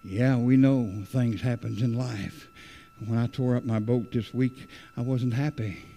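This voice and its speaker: Male preacher, earnest and rambling, gravelly fry in the voice, church sermon. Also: medium pitch, fairly even intonation, measured pace, mellow, a little hiss or hum. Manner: earnest, rambling, repeats phrases.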